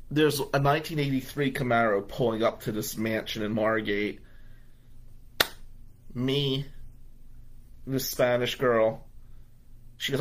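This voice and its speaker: A man in his fifties, a radio host from New Jersey, recounts a story from his own life. He talks in an animated, conversational way and slips into the voices of the people in his tale. His voice sits at a middle pitch. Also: normal speed. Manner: animated, conversational, acts out dialogue. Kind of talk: personal storytelling.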